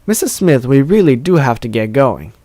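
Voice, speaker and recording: A man voicing a polite, hurried pony mare in a game let's play. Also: mid-range voice, very animated, warm tone, no echo.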